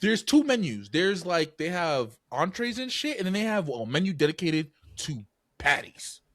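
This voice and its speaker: A man, co-hosting a podcast, telling a story with swearing and rising to yelling. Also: high-pitched, big pitch swings, normal speed, dry recording, clean studio sound. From New York area. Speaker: podcast co-host. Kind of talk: casual podcast chat.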